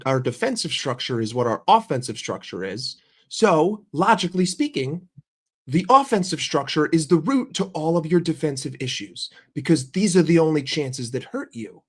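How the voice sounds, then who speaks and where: Profane, heated male football streamer. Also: a little high. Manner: questions the chat directly. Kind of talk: livestream football rant.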